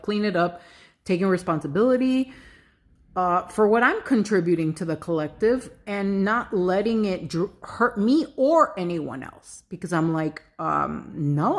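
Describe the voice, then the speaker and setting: Animated woman telling a story, lowish voice. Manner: animated, swears freely, many fillers. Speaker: spiritual vlogger. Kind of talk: casual personal storytelling.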